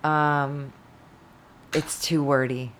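A woman's voice: low-pitched, little pitch movement, very slow, a bit bright, a little hiss or hum. A woman co-hosting a comedy podcast, playful and teasing in casual banter. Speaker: podcast co-host.

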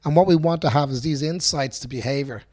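A man's voice: on the high side, fast talker, dry recording, studio quality. A man, a self-defence instructor explaining ideas in a conversational way, telling stories and acting out quotes. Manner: animated storyteller, acts out quotes, frequent restarts.

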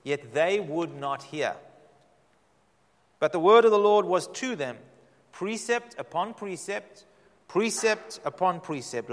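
Man, middle-aged pastor, sermon, emphatic drawn-out phrasing, slightly high voice, long hall reverb. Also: sharp tone. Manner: dramatic emphatic preaching, drawn-out repeated phrases.

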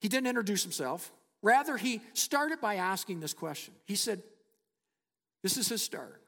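High-voiced preacher in a reverberant hall. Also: male voice, lively intonation. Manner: emphatic, with dramatic pauses and hushed drops. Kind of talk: sermon storytelling.

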